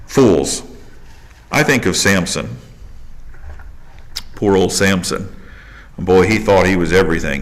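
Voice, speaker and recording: Man, pastor preaching, animated, acts out quotes, church. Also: deep voice, slow, pauses often. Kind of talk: sermon. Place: church sanctuary.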